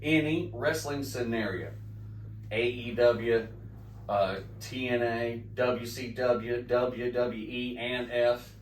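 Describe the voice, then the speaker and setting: A man in his forties from the Midwest, co-hosting a chatty podcast and telling stories with lots of excitement, acting out what people said. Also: mid-range voice, slow, slight background noise. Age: 40s. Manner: excited storyteller, acts out quotes. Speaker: podcast co-host. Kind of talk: casual chat. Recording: echoey room, mic at a distance.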